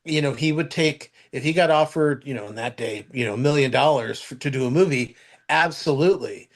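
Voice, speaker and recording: This podcast co-host has a mid-range male voice and talks a little fast. He chats casually about movies, reeling off trivia while often stumbling and starting over.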